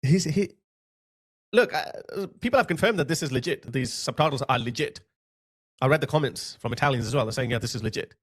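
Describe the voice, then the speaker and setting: A man's voice: fairly high pitch, a little fast. A man giving blunt, sarcastic commentary on video clips, mocking what he shows. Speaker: political commentator.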